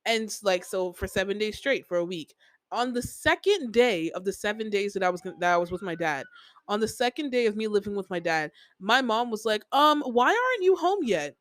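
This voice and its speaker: A young woman talks through a casual podcast monologue at a middle pitch, circling back and repeating herself with many fillers. The sound is dry, with no room echo. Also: a little fast. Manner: venting, heavy use of "like" fillers, repeats herself. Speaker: podcast host.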